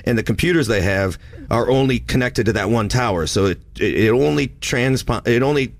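A man in casual chat, telling an emphatic, animated story about a trip. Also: mid-range voice, a little fast, no echo. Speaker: traveler recounting a trip.

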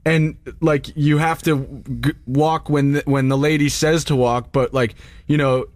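A man in casual chat, talking haltingly with many fillers and restarts. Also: fairly high pitch, flat delivery, no room sound, clean studio sound. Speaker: traveler recounting a trip.

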